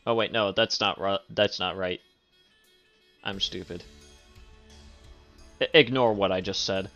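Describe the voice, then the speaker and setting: A man's voice: low-pitched, fairly even intonation, a little slow, fairly bright tone, dull audio, soft background music. A young man streaming, reacting to a video in loose, profane chat with lots of fillers. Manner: loose and profane, laughs hard, many fillers. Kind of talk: casual live-stream commentary.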